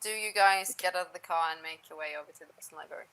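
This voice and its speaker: A woman narrating a tabletop game as game master, sometimes dropping to a soft near-whisper. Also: on the low side, rapid-fire, slight background noise, rough recording.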